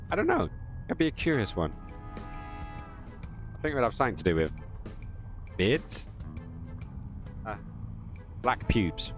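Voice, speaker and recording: A man's voice: medium pitch, sing-song, slow, pauses often. A man giving chatty, joking gameplay commentary with crude asides as a streamer. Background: game music.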